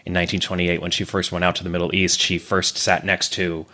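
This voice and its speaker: A man's voice: low voice, fast talker. A man talking animatedly as a podcast guest in a casual book discussion. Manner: animated, acts out quoted characters.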